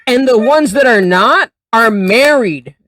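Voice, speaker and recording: A man's voice: extremely high pitch, lively intonation, takes it slowly, bright, forceful tone, no room sound, far from the mic. A man hosting a podcast in casual, tipsy banter, loose and profane, rambling with lots of restarts. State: drinking, tipsy. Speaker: podcast host. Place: small studio room full of art.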